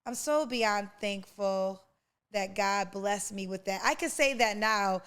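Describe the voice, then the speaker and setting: A woman's voice: medium pitch, takes it slowly, fairly bright tone, clear, resonant tone. A woman in her forties, a podcast host, giving an emotional, preacher-like personal testimony and calling the listener honey and baby. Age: 40s.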